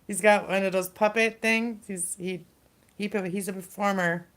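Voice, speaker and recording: A middle-aged woman hosting a casual livestream, talking in a rambling, halting way with lots of fillers and restarts. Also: medium pitch, steady tone, a bit bright. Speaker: livestream host.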